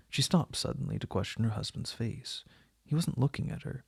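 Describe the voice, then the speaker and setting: A man reading a classic novel aloud as an audiobook, in a measured, even narration. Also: mid-range voice, creaky, husky, no echo, studio quality. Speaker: audiobook reader.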